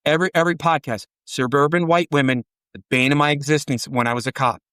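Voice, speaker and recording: His voice is a little high and fast, recorded clean without echo, as a man in his forties guesting on a podcast tells rambling stories full of profanity. He animatedly performs the characters' dialogue in the casual conversation.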